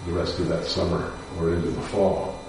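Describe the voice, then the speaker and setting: Low voiced guy telling a grim story slow and somber, far off mic, lots of room echo. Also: little pitch movement, gravelly, background noise. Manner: measured, somber, with pauses and fillers. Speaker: defense lawyer. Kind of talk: personal storytelling talk. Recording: echoey room picked up from afar.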